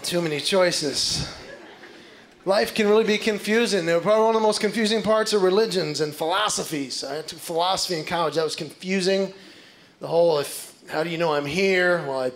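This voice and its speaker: On stage before a live audience, a man performs a stand-up set with a fairly high voice at a fairly quick pace, telling animated stories and acting out voices. The live recording is loud with crowd noise and audience laughter.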